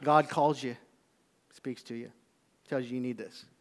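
A man preaching a sermon, telling stories with lively swings between loud calls and hushed asides. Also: mid-range voice, unhurried. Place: church auditorium. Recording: long reverb of a large hall.

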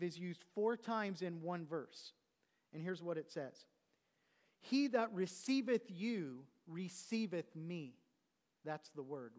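A man preaching a sermon as pastor, teaching his congregation with rhetorical questions and slowing down to stress key words. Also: high voice. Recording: long hall reverb.

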